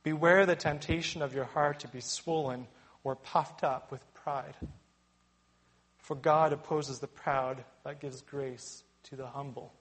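A man preaching a sermon with emphatic delivery, building to loud warnings and dropping to quiet reflection. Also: medium pitch, fairly even intonation, unhurried.

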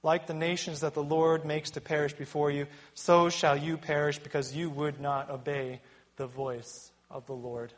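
A man preaching a sermon with emphatic delivery, building to loud warnings and dropping to quiet reflection. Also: on the high side, flat delivery, moderate pace.

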